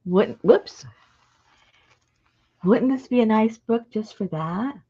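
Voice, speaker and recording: A woman hosting a live craft stream, chatting with viewers in an excitable, talkative way. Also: fairly high pitch, slow, slightly rough. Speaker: craft channel host. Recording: dull lo-fi live-stream audio.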